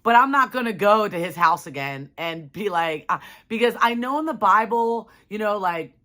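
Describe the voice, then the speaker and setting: A young woman vlogger talks straight to her viewers, spinning a personal story in a loose, rambling way. Her voice is bright and clear at a middle pitch, and she leans on "like" and "you know" all the way through. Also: animated, normal speed. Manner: chatty, many fillers like "like" and "you know". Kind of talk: casual storytelling to camera.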